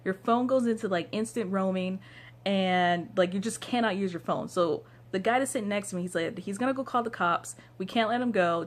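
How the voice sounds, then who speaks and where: A young woman vlogger telling a casual story from home into her phone, rambling with lots of "like" fillers. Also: medium pitch. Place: downstairs room at home.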